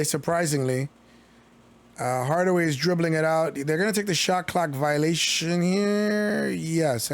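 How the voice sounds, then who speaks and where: A man streaming live basketball commentary, calling plays in a casual, chatty way with jokey asides. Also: on the high side. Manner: chatty, jokey asides between play calls. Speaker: streamer giving play-by-play commentary.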